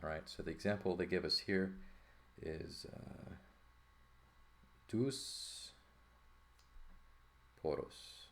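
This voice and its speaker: A man's voice: sits low, fairly even intonation, moderate pace, creaky, fairly bright tone. A man teaching a textbook lesson in a loose, thinking-aloud way, full of fillers and "right?" checks. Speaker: Greek teacher. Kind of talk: informal lesson walkthrough.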